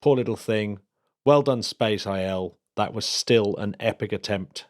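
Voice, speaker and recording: A man's voice: fairly low pitch, measured pace. A man co-hosting a casual space podcast, rambling enthusiastically through the week's news. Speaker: podcast co-host.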